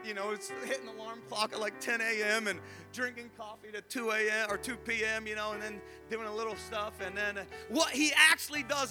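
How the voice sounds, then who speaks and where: High bright-voiced preacher guy in his 30s, telling a story in a sermon, gets loud then quiet, little music in back. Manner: animated, swings between hushed asides and shouted re-enactments. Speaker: evangelist preacher.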